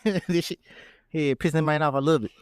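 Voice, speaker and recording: A man co-hosting a podcast in loose, laughing banter, reading song lyrics aloud flatly. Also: a little high, quick pace, smooth, no echo, clean studio sound. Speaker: podcast co-host. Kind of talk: casual chat.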